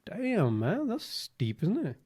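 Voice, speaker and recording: A man, co-hosting a podcast in a chatty, animated storytelling way with lots of fillers. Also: high voice, takes it slowly, breathy edge. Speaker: podcast co-host. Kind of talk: casual chat.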